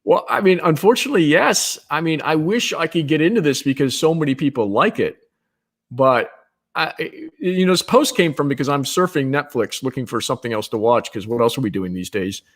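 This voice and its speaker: A man's voice: fairly high pitch, expressive, brisk. A man who works as a marketing executive, a guest on a live video chat, giving candid and opinionated views with some self-deprecation. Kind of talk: casual video chat interview.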